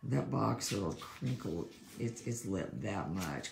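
Gravelly, very low-voiced woman dog trainer. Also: slow pace. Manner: rambling, animated, acts out quoted voices. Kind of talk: casual livestream chat. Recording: echoey room with background noise.

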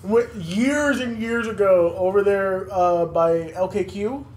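A man's voice: high-pitched, slow pace, darkish tone. A man co-hosting a podcast in casual chat, playful, laughing often and exaggerating his stories. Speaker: podcast co-host. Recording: echoey room with faint background noise.

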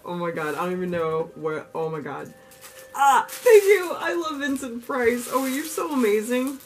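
A young woman vlogging as she unboxes gifts, gushing, gasping and squealing with excitement. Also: on the high side, moderate pace. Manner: gushing, squeals and gasps often, lively and giddy. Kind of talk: excited casual unboxing chat. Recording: music playing underneath.

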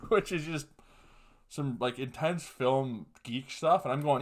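A young man hosting his own podcast, telling long, rambling stories full of swearing, laughs and quick asides. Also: mid-range voice. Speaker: podcast host. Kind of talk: casual solo podcast storytelling.

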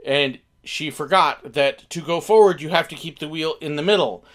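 A man casually telling a funny family story, animated and acting out the quoted bits. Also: a little high, normal speed.

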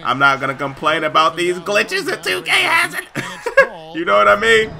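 Excitable man with a bright high voice. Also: moderate pace, gravelly. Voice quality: excitable, shouts on big plays. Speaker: gaming YouTuber. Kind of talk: gameplay commentary.

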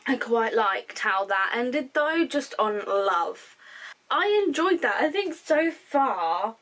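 A young woman chats through her reactions to music in a slightly high voice. She is tired and openly emotional, rambling and restarting her sentences as she goes. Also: very animated, slow pace, fairly bright tone, rough recording. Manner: chatty, rambling, self-correcting; emotional and candid. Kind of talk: casual reaction commentary.

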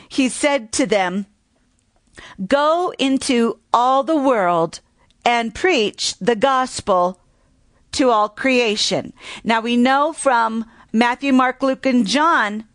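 A woman's voice: a little high, no echo. A woman teaching the Bible in a methodical way, carefully citing and repeating scripture references.

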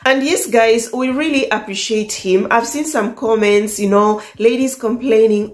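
A woman with an East African accent, a dating coach telling a love story to her viewers in a casual, animated way, laughing often. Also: fairly high pitch, unhurried, hardly any pauses. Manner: animated, laughs often, acts out quoted lines. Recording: echoey room.

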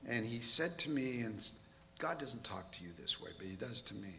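A man's voice: mid-range voice, animated, normal speed, pushed and bright. A man preaching a sermon in a church, telling a personal story in a candid, self-mocking way.

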